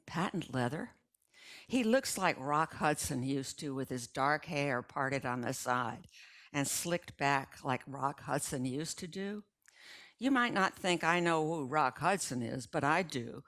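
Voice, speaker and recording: A woman's voice: deep voice, a bit bright. An older woman reading a first-person short story aloud in a chatty, gossipy storytelling manner. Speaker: resident reader.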